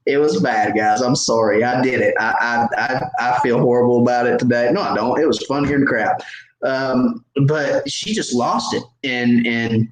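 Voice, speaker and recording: Animated man telling a story, echoey. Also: mid-range voice, moderate pace. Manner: animated, self-mocking storyteller. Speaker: host. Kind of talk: casual storytelling.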